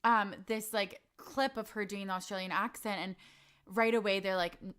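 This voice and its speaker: A woman's voice: mid-range voice, fairly even intonation, moderate pace, a bit bright, smooth. A young woman from Canada, a podcast guest in casual chat, rambling with many fillers and giggles.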